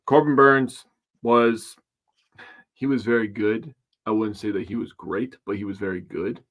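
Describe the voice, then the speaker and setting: Low-voiced man chatting about pitching. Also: a little slow, phone-quality sound. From Wisconsin. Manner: relaxed, chatty, lists pitching lines. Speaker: podcast co-host. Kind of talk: casual sports chat.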